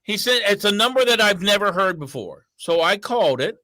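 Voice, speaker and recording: A middle-aged man tells a story on a casual morning show. He acts out both sides of his phone calls. His voice is high and bright, recorded close and dry. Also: animated, fairly quick, no room sound.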